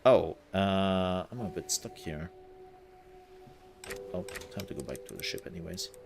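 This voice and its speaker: A man's voice: sits low, measured pace, gravelly, background noise. A man giving casual let's-play commentary, thinking aloud as he plays and trailing off into fillers. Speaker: gaming content creator.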